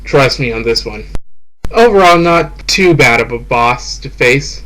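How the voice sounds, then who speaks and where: A man gives voice-over commentary on a video game in a relaxed, conversational way. His pitch sits in an ordinary middle range. He talks frankly and lets a curse slip when the game gets to him. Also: measured pace, rough recording. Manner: casual, frank, swears when frustrated. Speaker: game reviewer host.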